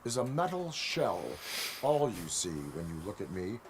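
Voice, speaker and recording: A man's voice: on the low side, very animated, measured pace, slight background noise. An actor playing a formal, clipped male cyborg police officer in a video game. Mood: stoic.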